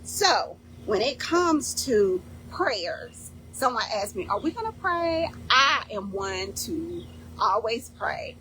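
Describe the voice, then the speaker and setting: A woman leading a faith-based fasting program in casual instructional talk, emphatic and repeating key points with "okay?". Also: fairly high pitch, very animated, pushed and bright, slight background noise, low-quality recording.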